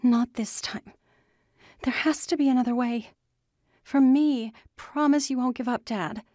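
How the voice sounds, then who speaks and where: A woman's voice: lowish voice, warm tone, dry recording, studio quality. A woman voicing a distraught young woman pleading with her father in an audiobook. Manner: urgent, pleading, rapid questions.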